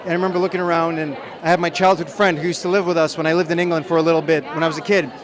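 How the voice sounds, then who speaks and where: A man with a high voice tells chatty, self-deprecating anecdotes in an interview. He is a film director at an outdoor premiere. A crowd chatters loudly behind him. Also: little pitch movement, very fast. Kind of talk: press junket interview.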